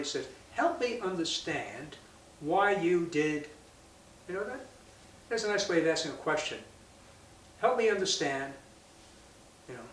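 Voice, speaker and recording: High-voiced chatty priest in a roomy church. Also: male voice, a little hiss or hum. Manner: chatty, conversational, with asides like "right?" and "you know". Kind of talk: casual daily reflection on scripture. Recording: roomy sound from a distance.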